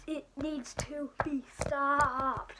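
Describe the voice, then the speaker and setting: A young woman playing an easily aggravated British official in a homemade history skit. The voice is high and whiny, and the complaints keep pleading. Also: fairly even intonation, very slow, very noisy.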